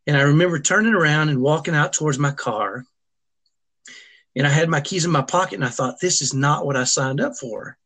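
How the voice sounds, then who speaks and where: Man, middle-aged, slightly high-pitched, earnest, emotional, halting interview guest storytelling. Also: fairly bright tone. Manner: earnest, halting, with frequent restarts. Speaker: guest sharing a personal story. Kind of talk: personal storytelling.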